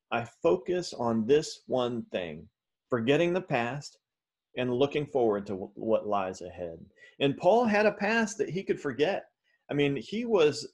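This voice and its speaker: A man preaching a sermon, his voice sitting at an ordinary middle pitch. He talks in an animated, conversational way, with the odd filler and restart. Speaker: pastor.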